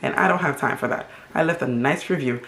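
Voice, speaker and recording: A middle-aged woman from Haiti, telling a storytime vlog story in an animated, emphatic and indignant way. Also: low-pitched, fairly quick. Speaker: vlogger. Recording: roomy echo.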